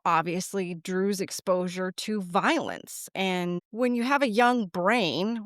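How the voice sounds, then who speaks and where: A woman's voice: medium pitch, a bit bright, smooth, no echo, studio quality. A middle-aged woman talking earnestly and a little rambling in a casual conversation, with frequent restarts. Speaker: guest, deputy's mother.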